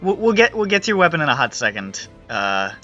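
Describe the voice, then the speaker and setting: A man's voice: on the high side, big pitch swings, fast talker. A man running a tabletop game as game master, narrating in a loose, casual way. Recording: muffled audio with faint music.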